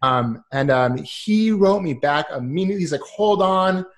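A man's voice: on the high side, normal speed. Chatty man telling a story. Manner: animated, acts out quoted voices, many ums. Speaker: guest. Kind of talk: casual storytelling chat.

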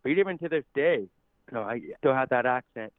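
American guy w a deaf accent, earnest and gushing, smooth clear voice, phone-line tinny and dry. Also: medium pitch, expressive, a little fast, no room sound. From United States. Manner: earnest, effusive and grateful. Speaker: podcast guest. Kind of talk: casual interview talk.

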